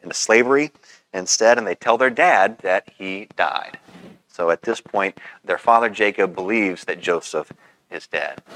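A man preaching a sermon as pastor, in a relaxed, conversational way with frequent pauses. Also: lowish voice, no echo, low-quality recording.

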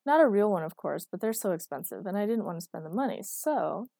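A woman's voice: medium pitch, expressive, brisk, gravelly, warm tone, no room sound, clean studio sound. A woman voicing a quirky, cheerful young woman inventor who talks in a bubbly, earnest way.

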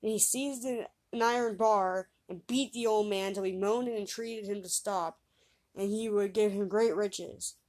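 A woman reading an old fairy tale aloud, lifting her pitch and volume for the characters' lines. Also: a little slow. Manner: lively reader raising pitch and volume for quoted voices. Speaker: storyteller.

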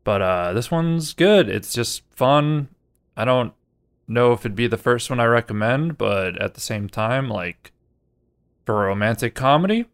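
Smooth-voiced man rambling through a review. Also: medium pitch, lively intonation, moderate pace. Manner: rambling, many fillers, trails off quietly. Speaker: podcast co-host. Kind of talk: casual movie review chat.

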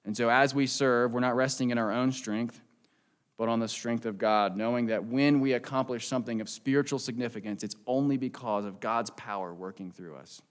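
A man preaching a sermon in a church as a pastor, in an earnest, conversational way, and closing in a quiet prayer. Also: medium pitch, a little fast.

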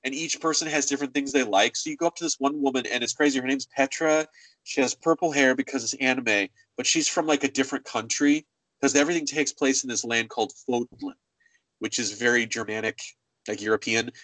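A man in casual conversation about a video game, talking with animated energy and slipping into voices for characters. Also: medium pitch, a little fast, no room sound, rough recording. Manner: animated, acts out game dialogue in funny voices. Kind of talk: casual gaming chat.

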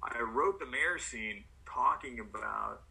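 A man being interviewed as an actor, telling stories in an animated way and acting out what others said. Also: medium pitch, slow pace, gravelly, poor audio. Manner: animated, acts out quotes. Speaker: actor guest. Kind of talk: storytelling in a podcast interview.

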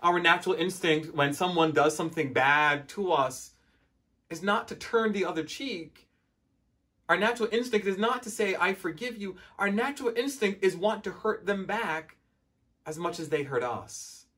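Man preaching a lively conversational sermon. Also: high-pitched, moderate pace. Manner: conversational storytelling, acts out voices in the parable.

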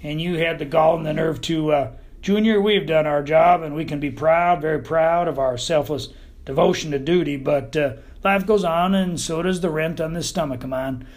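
A man with a Texan accent voicing a bossy, self-important old male buzzard in an audiobook, lecturing loudly in a raised voice. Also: on the high side, normal speed, lightly acted. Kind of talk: audiobook character voice.

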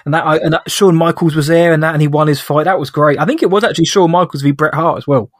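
A man with an English accent chatting casually as a podcast co-host in quick banter. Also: fairly high pitch, fairly even intonation, dry recording, clean studio sound. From England. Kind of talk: casual chat.

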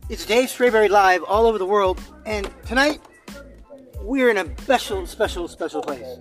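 A man's voice: high voice, expressive, moderate pace, faint music behind. A man hosting a casual podcast from a laundromat, hamming it up like a big-time show announcer. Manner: mock announcer voice, loud and showy. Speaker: host.

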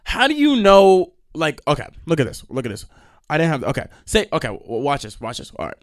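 A young man hosting a podcast, ranting in a profane, animated way with sudden loud outbursts. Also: on the high side, brisk, dry recording, clean studio sound. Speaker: podcast host. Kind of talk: ranting monologue.

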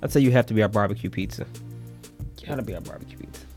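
A man's voice: lowish voice, animated, very fast, vocal fry, a little mellow, faint music behind. A man guesting on a podcast, chatting casually and eagerly describing pizzas. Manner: upbeat, eager to describe the menu.

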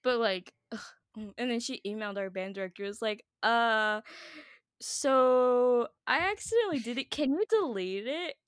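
A woman's voice: fairly high pitch, normal speed, smooth, dry recording, studio quality. A woman co-hosting a podcast, chatting casually and telling stories with lots of giggles. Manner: giggly, animated storyteller. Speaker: podcast co-host. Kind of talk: casual chat.

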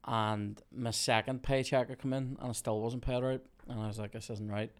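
A man hosting a podcast, telling a work story in a casual, animated way, swearing freely and laughing often. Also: mid-range voice, moderate pace, clear, resonant tone. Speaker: podcast host.

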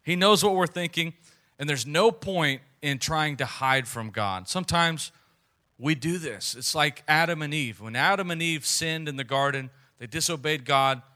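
Male pastor, 30s, earnest chatty sermon delivery, bright ringing tone. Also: a little high, normal speed. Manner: earnest, conversational preaching with repeated phrases.

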